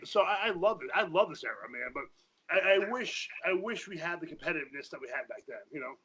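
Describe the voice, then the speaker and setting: A former powerlifter guesting on a podcast, talking in a casual, profane rush full of restarts. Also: male voice, on the high side, expressive, bright, forceful tone, slightly rough, low-quality recording. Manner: fast, profane, repeats himself in restarts. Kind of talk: casual chat.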